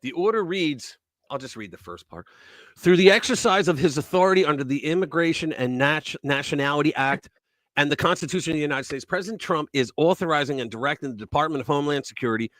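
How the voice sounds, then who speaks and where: A man hosts a live news talk stream in a loose, mocking manner, now loud, now muttering. His pitch sits a little high and swings a lot. The sound is dry and close. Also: expressive, fast, dry recording. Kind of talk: casual opinion talk.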